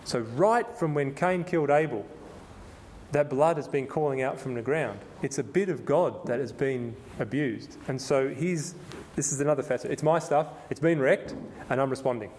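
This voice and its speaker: A man preaching through a Bible passage, stumbling and restarting as he explains, then reading scripture slowly and with emphasis. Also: mid-range voice, darkish tone, a little hiss or hum. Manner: conversational, with frequent restarts and repetitions. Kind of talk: sermon, Bible exposition.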